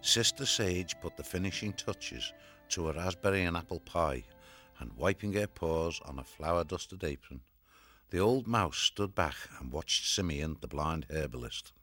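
A man narrating a children's fantasy audiobook in a measured, even storytelling manner. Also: low-pitched, faint music behind.

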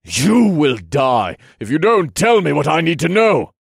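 A man's voice: low voice, lively intonation, takes it slowly, a little mellow, slightly rough, dry recording, studio quality, full character voice. A man voicing a determined young swordsman hero, speaking in a firm, clipped, commanding way. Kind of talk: audiobook character voice.

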